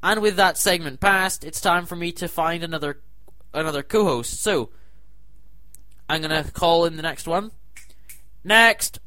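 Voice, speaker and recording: High, bright man in a comic rant. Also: moderate pace, no room sound. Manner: exasperated, incredulous ranting with sudden loud outbursts. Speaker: comedy show host.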